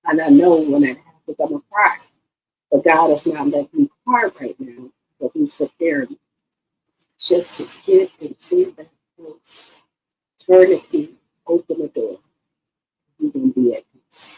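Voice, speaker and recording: Woman channel host, low gravelly voice, heartfelt, swoops up and down. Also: very animated, unhurried, long pauses, a little mellow, slight background noise, rough recording. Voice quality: emotional, repeats herself, addresses viewers directly. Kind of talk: casual heartfelt talk to viewers.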